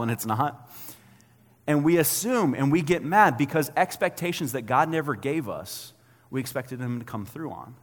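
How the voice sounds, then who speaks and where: A man in his thirties preaching a sermon as a pastor, talking conversationally and acting out quotes in an animated way. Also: fairly high pitch, moderate pace, long reverb tail.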